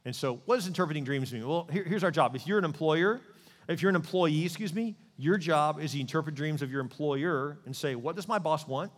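A male pastor preaching a sermon in a lively way, often putting questions to his listeners. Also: on the high side, fairly quick, long reverb tail. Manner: animated preaching, asks the crowd questions.

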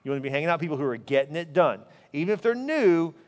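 A man preaching a sermon as pastor, telling stories in an animated way. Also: very fast, long reverb tail. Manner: animated storytelling, voice rising high in anecdotes.

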